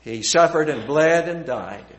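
Middle-aged male preacher, earnest sermon delivery, emphatic builds, soft hushed phrase endings. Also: on the high side, animated, a little slow.

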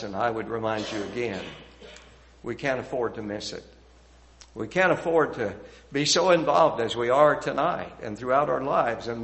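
A middle-aged man preaches with earnest conviction. His voice climbs through emphatic lists, then drops to a quiet, hushed close at the end of each thought. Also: mid-range voice, a little hiss or hum. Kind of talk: sermon.

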